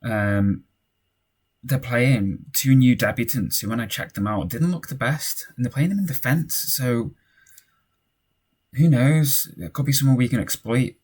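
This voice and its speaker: Husky and mid-range, a little slow in pace, a young man narrates his football management game in a relaxed way. Goals set him cheering and shouting, while tense stretches bring out muttering.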